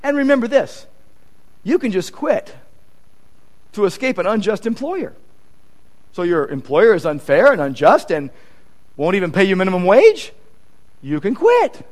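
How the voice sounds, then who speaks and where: Male pastor, sermon delivery, high and very lively voice, repeats points for emphasis. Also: unhurried, pauses often. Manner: animated, acts out quoted conversations; emphatic repetition.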